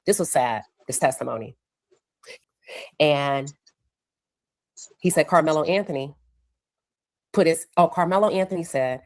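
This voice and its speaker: A woman's voice: low voice, normal speed, pauses often, a little mellow, no echo. A woman recapping courtroom testimony, acting out the witnesses' words. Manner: acts out quoted witnesses with raised voice. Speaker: courtroom reporter.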